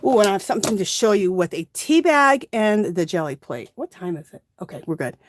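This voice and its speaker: Speaking briskly at a medium pitch, this woman lets her intonation swing widely, and a faint hiss or hum sits under the audio. She hosts a laid-back crafting livestream, recording on her phone at the craft table. Her talk wanders as she chats and thinks out loud mid-project.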